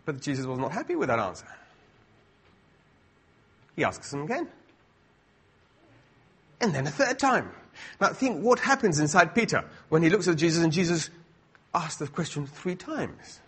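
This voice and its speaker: A man's voice: on the high side, big pitch swings, normal speed, pauses often, fairly bright tone, breathy edge. A middle-aged man preaching a sermon in a conversational way, full of asides and rhetorical questions.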